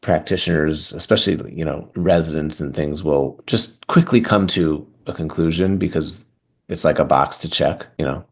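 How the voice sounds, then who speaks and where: A male oral surgeon guest on a podcast, speaking in a relaxed, reflective way with frequent fillers. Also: rumbling low, normal speed, vocal fry. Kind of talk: conversational podcast interview.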